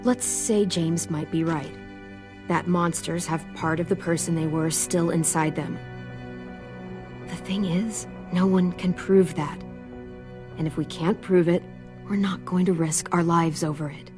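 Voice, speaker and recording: A young woman voicing a protective teenage girl in a video game, gentle but firm and reassuring, over game music. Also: fairly low pitch, fairly even intonation, a little slow, lightly acted. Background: game score music.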